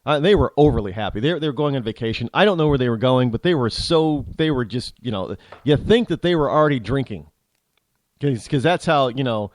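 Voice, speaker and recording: Blunt, animated male talk show host. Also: mid-range voice, no room sound. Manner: opinionated and blunt; animated storytelling with frequent restarts. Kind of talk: storytelling monologue.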